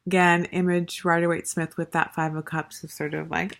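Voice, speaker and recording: A woman's voice: lowish voice, flat delivery, fairly quick, gravelly, hardly any pauses, a bit bright. A woman casually reviewing a tarot deck, gushing and chatty, with lots of fillers and restarts. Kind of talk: casual show-and-tell review.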